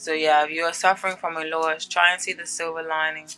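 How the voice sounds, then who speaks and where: A woman's voice: sits low, little pitch movement, fast, sharp tone, smooth, low-quality recording. A woman giving a casual tarot reading to her viewers, chatty and earnest, often checking in with "okay?" as she reads card meanings aloud and comments on them. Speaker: tarot reader.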